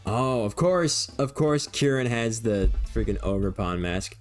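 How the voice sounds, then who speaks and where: A man's voice: on the low side, lively intonation, measured pace, soft background music. A young man streaming a video game, rambling and joking in a casual running commentary and laughing easily.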